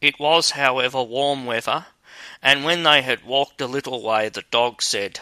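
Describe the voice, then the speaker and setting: A man narrating a fairy tale in a steady, measured storytelling manner. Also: mid-range voice, clear, resonant tone, no room sound, low-quality recording.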